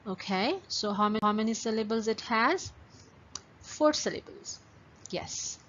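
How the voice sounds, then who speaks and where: A woman teaching young pupils at an unhurried, deliberate pace, drawing each word out into its syllables. Her voice sits at an ordinary pitch. The recording is dull and lo-fi, with a faint hum of ambience behind her. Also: animated, a bit bright. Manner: slow, patient, stretches words syllable by syllable. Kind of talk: online class lesson for young pupils.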